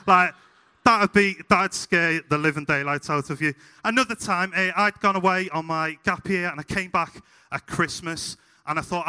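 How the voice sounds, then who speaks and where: A young man with a Scouse accent from Liverpool, preaching a sermon told through funny, animated stories. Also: high-pitched, normal speed. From Liverpool, England. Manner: humorous, animated anecdotes. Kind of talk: sermon with storytelling. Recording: hall reverb.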